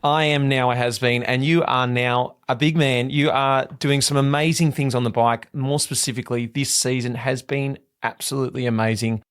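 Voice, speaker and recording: A man hosting a podcast, chatty and animated as he tells stories. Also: medium pitch, moderate pace, hardly any pauses, clear, resonant tone. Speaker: podcast host, former pro cyclist. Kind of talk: casual podcast interview.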